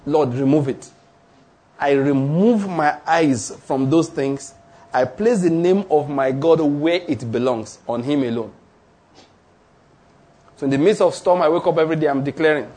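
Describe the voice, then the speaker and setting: A man preaching a sermon. He teaches emphatically, slowing down on key phrases and repeating declarations. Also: a little high, animated, darkish tone, husky. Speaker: pastor.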